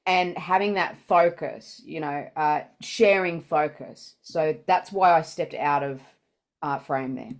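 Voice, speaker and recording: A woman's voice: low voice, slow pace. A woman improviser chatting through commentary on her show, giving tips with lots of fillers. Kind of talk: casual reaction commentary.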